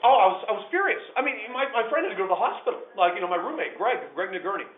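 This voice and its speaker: A man telling a true story to a small group of listeners, animated, swinging between hushed and loud. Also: sits high, rapid-fire. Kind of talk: live personal storytelling to listeners. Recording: echoey room over a tinny phone-like line.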